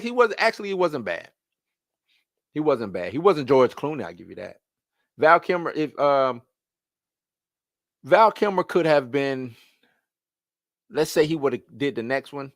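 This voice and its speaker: A man hosting his own live stream, ranting in an animated, slangy way. He repeats himself often and talks at a mid pitch. The sound is dry and close, with almost no room echo. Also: normal speed, long pauses. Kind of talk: casual live-stream rant.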